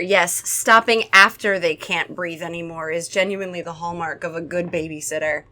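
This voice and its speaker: A young woman with a bright, forceful voice pitched a little low for a woman hosts a comedic book reading. She reads a children's horror book aloud and breaks in with sarcastic, playful asides. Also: fairly even intonation, normal speed, few pauses. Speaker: host.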